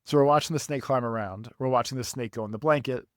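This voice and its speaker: A young man on a podcast telling a long story casually, animated and profane, laughing at himself. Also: mid-range voice, fast, no room sound, studio quality. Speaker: podcast co-host.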